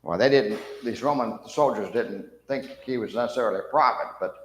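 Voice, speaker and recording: A man leads a church Bible class at an ordinary pitch, asking his students questions and acting out the voices in the story. His voice echoes around a reverberant room, the tail hanging in the air. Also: brisk, slight background noise. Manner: animated, acts out mocking soldiers' voices, asks the class questions.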